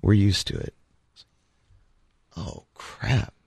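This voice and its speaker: A man co-hosting a radio talk show, telling a story in a casual, animated way and acting out the voices he quotes. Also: on the low side, takes it slowly, vocal fry, slightly rough, no room sound.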